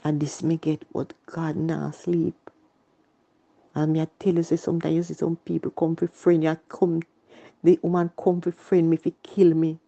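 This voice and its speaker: A woman's voice: low-pitched, level tone, normal speed, gravelly, mellow, highs cut off. A woman with a Jamaican accent telling her personal story in earnest, repetitive Patois. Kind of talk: emotional personal testimony.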